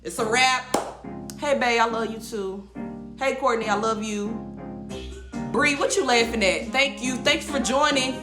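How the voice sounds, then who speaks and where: A woman's voice: fairly high pitch, measured pace, pauses often, music in the background. A woman hosting a weekly livestream, giving an encouraging message in a casual, emphatic way, repeating her phrases and chatting back to viewers' comments. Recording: echoey room.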